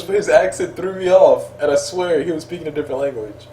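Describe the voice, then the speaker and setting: A man casting a game in casual chat, excitable and quick to laugh as he tells stories. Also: a little high. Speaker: game caster. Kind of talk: casual chat between casters. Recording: roomy, distant sound with faint room hum.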